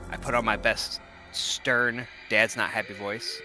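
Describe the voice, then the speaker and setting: A man reading a horror story aloud in first person, expressive and lively. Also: lowish voice, fairly quick, soft background music.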